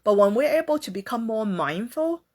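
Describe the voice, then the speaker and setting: A woman's voice: a little high, very animated, moderate pace, darkish tone. Earnest woman giving a mindfulness talk. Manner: earnest, repetitive, acts out quoted complaints. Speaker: host.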